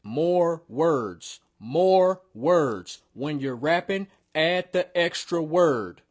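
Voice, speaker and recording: A man's voice: a little high, extremely slow. Blunt, slangy man critiquing rap verses. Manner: blunt, slangy and animated when coaching. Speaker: host reviewing song submissions. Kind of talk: casual music critique.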